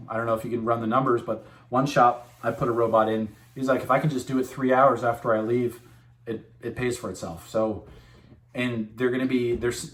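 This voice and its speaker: A man's voice: lowish voice, fairly bright tone, reverberant. A man working as a machine tool sales rep gives a casual, candid update to camera. He rambles and often corrects himself.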